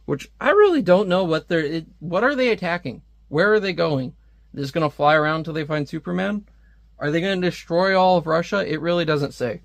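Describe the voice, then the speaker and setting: A man talks through a comic in a loose, wry, conversational way, reacting as he goes. His voice sits a little high, and the sound is dry and close. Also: lively intonation, normal speed, gravelly, dry recording. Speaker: comic reviewer. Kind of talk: casual comic review.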